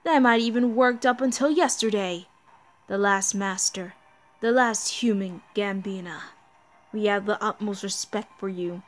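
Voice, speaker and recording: A woman's voice: medium pitch, a little slow, lightly acted. A woman voicing a monstrous demon god collective in a game, taunting and laughing theatrically while reading the dialogue aloud. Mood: mocking.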